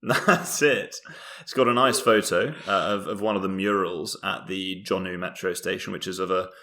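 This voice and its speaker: Young man from Britain, low pitch, bright tone, casual comedic podcast chat, rambling and self-mocking. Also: steady tone, moderate pace. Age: young adult. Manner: rambling, self-mocking, with frequent ums and laughs. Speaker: podcast co-host.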